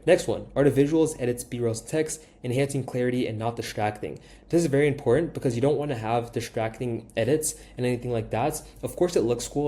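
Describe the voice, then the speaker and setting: A young man talks quickly through his tips, coaching creators on their channels. His voice is dark and mellow. He keeps things casual and emphatic and tosses in "right?" after his points. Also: mid-range voice. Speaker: YouTube growth coach. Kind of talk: talking-head teaching video.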